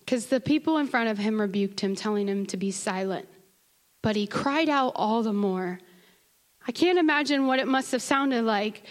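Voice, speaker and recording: A woman with a high voice preaches a sermon to her congregation. She talks to them casually at times, then builds to passionate, urgent appeals. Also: lively intonation, moderate pace. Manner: rises to impassioned crying out; conversational asides to the congregation. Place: church sanctuary.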